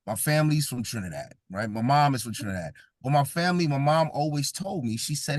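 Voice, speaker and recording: A man's voice: mid-range voice, expressive, a little fast, few pauses, dry recording, clean studio sound. A man from Brooklyn, New York, giving a comedic motivational talk. He jokes, laughs often and keeps talking with the audience. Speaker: event speaker.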